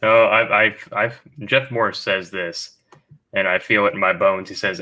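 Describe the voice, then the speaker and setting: A man's voice: lowish voice, steady tone, moderate pace, pushed and bright. A man hosting a casual livestream chat, joking around and reading viewer comments aloud. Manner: jokey, slips into silly voices, reads chat comments aloud. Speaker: livestream host.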